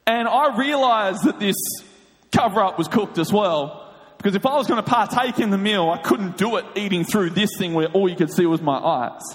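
An Australian man telling a comic story in an animated way with laughing asides. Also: high-pitched, normal speed. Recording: long hall reverb.

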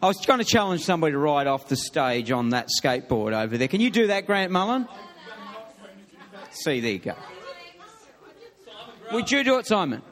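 A middle-aged male pastor speaks in a fairly high voice, chatty and given to laughter and restarts as he tells a story from the pulpit. His voice rings out with a long reverb across a large church hall. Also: very animated, moderate pace, long pauses, fairly bright tone, some chatter behind. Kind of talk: sermon with humorous story.

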